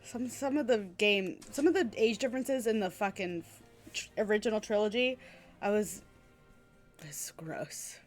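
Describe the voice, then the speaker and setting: A woman's voice: mid-range voice, moderate pace, faint music behind. A woman streamer casually chatting and giggling while playing through a game, thinking aloud as she goes.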